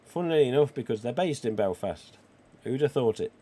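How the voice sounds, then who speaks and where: A man, croaky today, hosting a live stream and chatting cheekily with viewers. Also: mid-range voice, expressive, fairly quick, mellow. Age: 40s. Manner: chatty and cheeky, with casual swearing. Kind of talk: casual livestream chat reading viewer comments.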